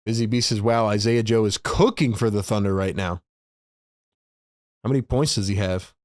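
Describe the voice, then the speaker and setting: A man's voice: lowish voice, a little mellow, no room sound, studio quality. A man hosting a fan show, calling the game play by play and chatting with viewers between plays. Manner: fast, chatty, laughs often, reads viewer messages. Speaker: host and play-by-play caller. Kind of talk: live fan play-by-play and chat.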